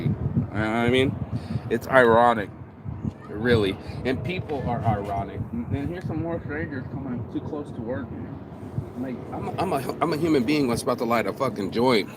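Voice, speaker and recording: Man, casual outdoor vlog, rambling and swearing, street noise behind. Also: medium pitch. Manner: rambling, profane, uses "bro" often. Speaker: vlogger. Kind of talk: casual monologue to camera. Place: outdoors in public.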